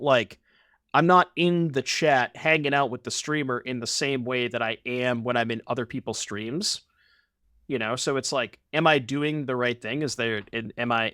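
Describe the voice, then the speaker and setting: A man's voice: mid-range voice, a bit bright, no echo, studio quality. A young man streaming a card game, chatting casually and rambling to his viewers with the odd swear.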